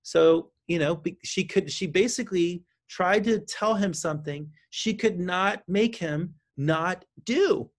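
A man speaking as a counselor guest in an interview, explaining parenting advice with lively delivery and frequent restarts. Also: high voice, measured pace, few pauses. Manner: animated, acts out parent and child lines, frequent restarts. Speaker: counselor and author.

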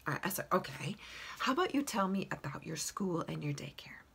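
A woman with a low, gravelly, breathy voice that still has a bright edge tells the story of an animal reading in a relaxed way. She slips into a perky voice for the dog's answers and laughs between lines. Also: fairly quick. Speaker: animal communicator.

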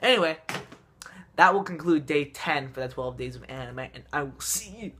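A man's voice: on the high side, lively intonation, moderate pace, a bit bright. A young man talking casually to camera in a vlog, rambling with restarts and fillers as he reviews anime. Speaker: anime vlogger.

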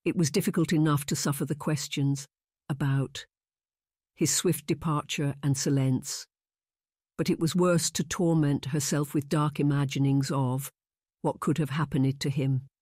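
A measured audiobook narrator telling a romance story in a steady, mid-range voice. The sound is close and dry, with no room around it. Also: medium pitch, no room sound. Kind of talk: scripted narration.

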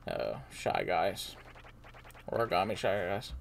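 Low-voiced woman rambling through a game. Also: very animated, brisk, creaky, darkish tone, slight background noise. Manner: rambling, self-deprecating, muttering asides. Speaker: let's player. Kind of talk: game commentary.

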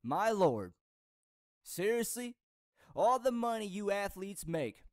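A man's voice: high voice, sing-song, slow, dry recording, clean studio sound. A man giving a heated, frustrated rant as a vlogger, lecturing his viewers. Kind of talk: ranting video commentary.

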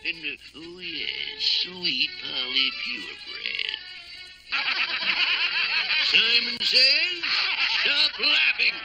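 Cartoon mad-scientist villain: very high, sharp and tense, drawled sneering lines, lively swings in pitch. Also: male voice, no echo, heavily acted, poor audio. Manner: sneering, cackling, bossy. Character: scheming, gleeful male mad-scientist villain. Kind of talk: 1960s cartoon voice acting.

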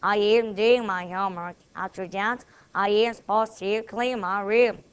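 Slow, careful Korean-accented woman. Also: mid-range voice, steady tone, clean tone, highs cut off. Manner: plays both sides of each dialogue, deliberate and careful. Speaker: student presenter. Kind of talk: reciting memorized English dialogues.

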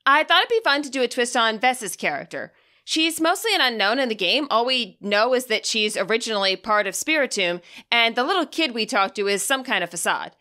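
Woman, podfic host and reader, slightly high voice, friendly, steady narration. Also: a little fast. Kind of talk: reading her own fan fiction aloud.

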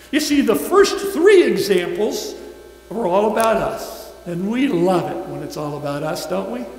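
A man with a strikingly high voice delivers a sermon in slow, drawn-out phrases and leads the congregation in repeating lines back to him. He is heard from across a roomy church, with a long reverb tail on every line and a faint hum underneath. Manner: emphatic, slow deliberate phrasing, leads call-and-response. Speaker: preacher. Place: church sanctuary. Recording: echoey hall from a distance.

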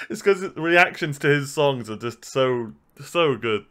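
A man's voice: mid-range voice, fairly bright tone. A man from the UK thinking aloud as he reacts to music, restarting and searching for words. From United Kingdom. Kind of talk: casual reaction commentary.

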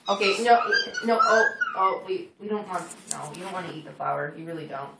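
A woman's voice: fairly low pitch, wildly swooping pitch, a little fast, vocal fry. A young woman playfully coaxing her dog and chatting casually at home. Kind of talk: casual chat while filming a pet. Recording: roomy, distant, noisy home recording.

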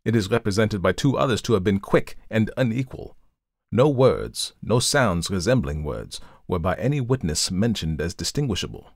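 A man voicing a methodical male detective who explains his reasoning in a measured, formal way, in a storybook reading. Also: fairly low pitch, animated, no room sound, studio quality. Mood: lecturing. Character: coolly analytical male detective, methodical, lecturing. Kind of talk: audiobook reading of a classic story.

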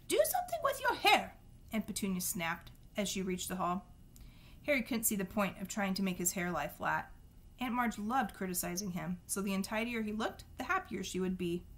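A woman reading a novel aloud at a steady storytelling pace, with a few small slips and restarts. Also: medium pitch. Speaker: reader.

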